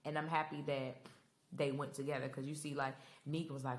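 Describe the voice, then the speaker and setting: Low-voiced woman recapping TV, chatty and emotional. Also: quick pace. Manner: expressive, emotional, rambling, talks to listeners directly. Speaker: podcast host. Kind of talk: casual TV recap chat.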